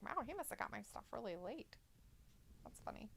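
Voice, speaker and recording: A woman's voice: a little high, very animated, normal speed, gravelly, a bit bright, a little hiss or hum. A woman co-hosting a casual live stream, reading viewer comments aloud, giggling often and teasing her co-host. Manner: giggly, laughs often between remarks. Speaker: co-host of a live wrestling watch-along stream.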